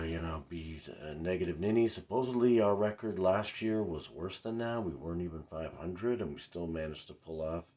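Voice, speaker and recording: A man's voice: rumbling low, darkish tone. A middle-aged man giving a casual, rambling recap of a basketball game as a frustrated fan, full of fillers and asides. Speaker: fan commentator. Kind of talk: casual sports recap vlog.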